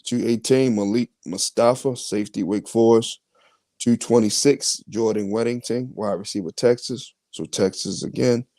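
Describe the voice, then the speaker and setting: A man hosting a podcast, reading out his mock draft picks in a casual, halting way with many fillers. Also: fairly low pitch, fairly even intonation, warm tone, no room sound. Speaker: podcast host.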